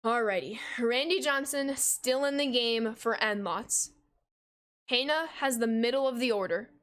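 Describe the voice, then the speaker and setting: This woman in her twenties has a fairly bright voice on the high side and a measured pace. While streaming, she narrates a baseball game play by play and chats with her live audience in a casual, upbeat way, greeting them with "yo."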